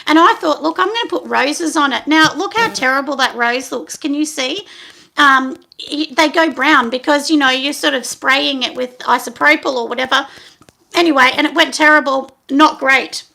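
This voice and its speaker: A middle-aged woman chatting on her own vlog, rambling and poking fun at herself with lots of ums. Her voice sits high and bright, with a gravelly fry at the ends of phrases. She sounds relaxed and talkative. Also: moderate pace. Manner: rambling and self-deprecating, frequent ums, laughs at herself. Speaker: soap maker and channel host.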